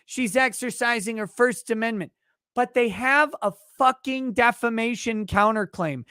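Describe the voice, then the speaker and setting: A man's voice: extremely high pitch, measured pace, sharp tone, smooth, no echo, clean studio sound. A man hosting a legal commentary livestream who rants in a heated, profane way. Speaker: legal commentary show host.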